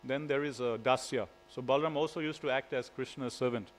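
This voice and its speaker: A man's voice: mid-range voice, fairly even intonation, brisk, poor audio. A man giving a devotional scripture class in a temple, telling stories in a casual way with frequent "you know". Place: temple hall.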